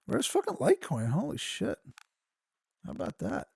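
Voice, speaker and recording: A man hosting a podcast, reading news articles aloud and breaking into profane, excitable asides. His voice turns squeaky when he gets worked up. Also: moderate pace, creaky, breathy edge, dry recording. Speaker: podcast host.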